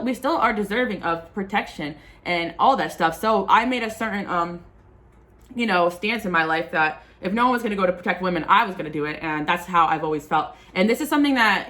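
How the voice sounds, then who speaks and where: A spiritual tarot reader gives her viewers a casual, impassioned reading that rambles along with frequent fillers. Her voice is on the low side and a bit bright.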